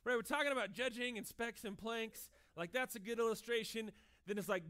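A man in his thirties preaching a sermon in a conversational, animated way, acting out short dialogues as he goes. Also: extremely high pitch, fairly quick. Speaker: pastor.

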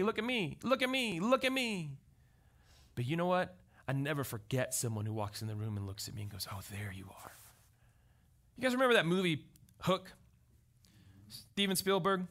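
A man preaching a conversational sermon as pastor, telling stories with animated delivery and often checking in with the crowd. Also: high voice. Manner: animated storytelling, often asks the crowd "right?".

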